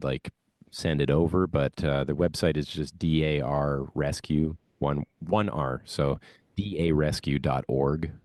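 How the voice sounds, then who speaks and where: A man's voice: very deep voice, darkish tone, dry recording, studio quality. A man, a band musician, chatting as a podcast guest and telling rambling stories in a self-conscious way. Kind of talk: casual interview chat.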